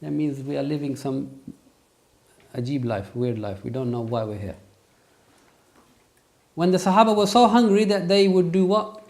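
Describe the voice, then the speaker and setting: A man's voice: a little high, moderate pace, vocal fry, long pauses. A man teaching a religious lesson, quizzing his students and pressing emphatic points. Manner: questions students, lively, emphatic. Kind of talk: interactive classroom lesson. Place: classroom with students.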